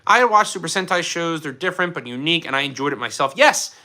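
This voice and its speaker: A man from Philadelphia chats through a livestream and answers viewer comments with eager, lively energy. His voice is very bright and slightly high, and his pitch jumps around a lot as he gets excited. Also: quick pace. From Philadelphia, USA. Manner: chatty, enthusiastic, jumps between topics. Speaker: livestream host. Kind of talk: casual live chat answering viewers.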